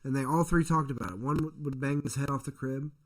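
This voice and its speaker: A man's voice: medium pitch, fast talker. A man who is a father, co-hosting a casual podcast, telling a story in a rambling, profane way and acting out the people in it. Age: adult parent. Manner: profane, rambling storyteller, acts out quoted voices. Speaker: podcast co-host.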